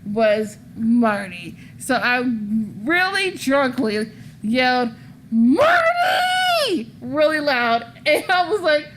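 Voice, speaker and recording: A woman hosting a casual podcast in a bright, slightly high voice. She rambles through her stories, swears freely and laughs often. A faint hiss sits under her voice. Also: expressive, takes it slowly. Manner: rambling, profane storytelling. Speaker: wrestling podcast host. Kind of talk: casual chat.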